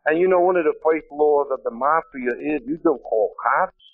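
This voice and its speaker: A man's voice: a little high, moderate pace, gravelly, dry recording. A man from Brooklyn, telling his story as a speaker at a meeting in a blunt, wisecracking way. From Brooklyn, New York. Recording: tinny lo-fi 1970s tape, dry.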